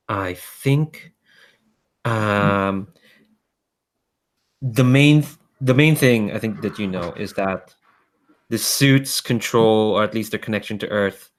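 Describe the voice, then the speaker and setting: Cast: male game master, low voice, unhurried delivery. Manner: relaxed, hesitant with fillers. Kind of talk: narrating a tabletop game.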